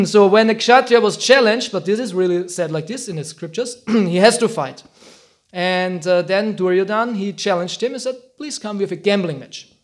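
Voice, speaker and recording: A man tells an old epic story to a small group, loose and informal. He acts out the quotes and laughs often. His voice sits high. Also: moderate pace. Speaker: teacher giving a talk.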